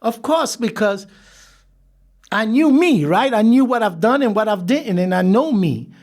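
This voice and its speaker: A man as a podcast guest, telling his life story in an animated way, laughing and acting out the people he quotes. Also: sits high, a little slow. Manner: animated, laughs through stories, acts out quoted voices. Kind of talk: storytelling interview.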